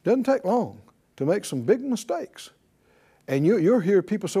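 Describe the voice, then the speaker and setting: A man's voice: high voice, big pitch swings, normal speed, mellow, husky. A man preaching a sermon to a class in a conversational way, calling on them to repeat after him. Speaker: pastor teaching a class.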